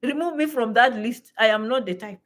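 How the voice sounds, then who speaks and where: A woman vlogs straight to her audience, her voice sitting a little high. She swings between loud exclamations and quieter asides, repeating words to drive her point home. Her delivery is casual and story-driven, as if advising friends. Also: brisk. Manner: lively, exclamatory, repeats phrases for emphasis. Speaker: vlogger. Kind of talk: animated storytelling to camera.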